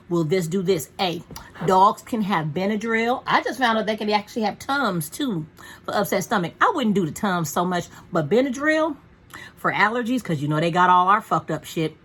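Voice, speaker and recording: A woman's voice: mid-range voice, fairly bright tone, breathy edge. A woman vlogging from home in a frank, profane, chatty way about caring for her dog. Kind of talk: casual rambling chat.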